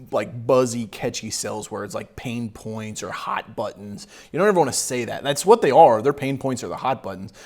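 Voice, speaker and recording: A middle-aged sales coach in casual reaction commentary. He talks bluntly and mockingly, swears freely and laughs often. His voice sits at an everyday middle pitch. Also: darkish tone.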